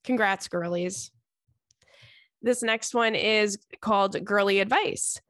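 A woman's voice: mid-range voice, slow pace, a bit bright, dry recording, clean studio sound. A woman hosting a podcast, reading out listener letters and reacting in a chatty, giggly way, often breaking into laughter. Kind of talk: casual chat.

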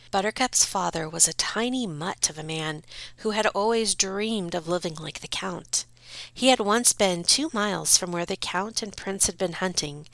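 A woman's voice: medium pitch, a bit bright, dry recording. A woman narrating a storybook in a wry, dry storytelling manner.

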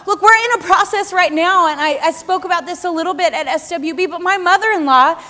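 Woman preacher with a high voice, delivering an animated, laughing sermon in a big echoing hall. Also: brisk, few pauses. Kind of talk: sermon to a live congregation. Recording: long hall reverb.

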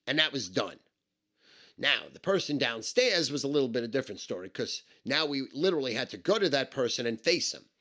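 A man's voice: medium pitch, animated, a little fast, pushed and bright. A man telling a personal story in a blunt, emphatic and heavily profane way. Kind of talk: casual spoken anecdote.

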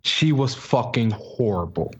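A man's voice: medium pitch, lively intonation, a little slow, breathy edge. A young man co-hosting a podcast, ranting animatedly in casual chat and acting out his own reactions. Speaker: podcast co-host.

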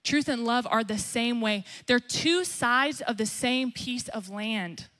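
A woman's voice: slow pace, fairly bright tone. A young woman pastor preaching a sermon emphatically, acting out quotes as she goes. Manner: emphatic, acts out quotes with rising pitch.

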